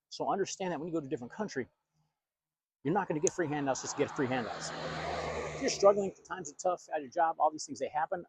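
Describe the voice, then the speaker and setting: A man's voice: fairly high pitch, husky, dry recording. A man who works as a pastor and video host, from the United States, preaching in a blunt, emphatic and confrontational monologue.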